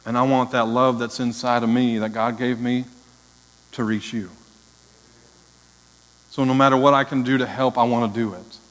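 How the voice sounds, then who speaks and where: Male interim pastor, earnest heartfelt sermon delivery, mid pitch, long hall reverb. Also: fairly even intonation, moderate pace, pauses often, fairly bright tone.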